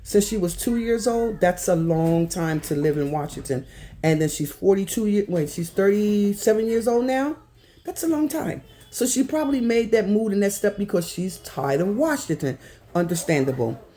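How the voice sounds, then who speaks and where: A woman's voice: medium pitch, moderate pace, dark tone, slight background noise. A woman hosting her own channel, giving casual commentary straight to her viewers in an emphatic, repetitive way. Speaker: YouTube commentary host.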